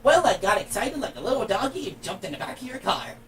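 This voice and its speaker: A woman's voice: fairly high pitch, big pitch swings, fast, a bit bright, recorded from a distance, slight background noise. A woman voicing a small, cheeky male stuffed penguin toy in a cartoon, talking in a playful, unbothered way. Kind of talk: cartoon voice acting.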